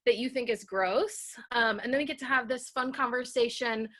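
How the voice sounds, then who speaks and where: Bright-voiced hesitant woman comic. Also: on the high side, normal speed. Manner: hesitant, frequent ums. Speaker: comedian guest. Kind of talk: deadpan stand-up set and improv banter.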